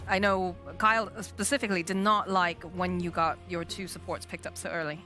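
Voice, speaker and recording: A woman's voice: lowish voice, flat delivery, fairly quick, pushed and bright, faint music behind. A woman casting a live esports match who questions her co-casters about their draft reasoning. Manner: inquisitive, asks co-casters questions.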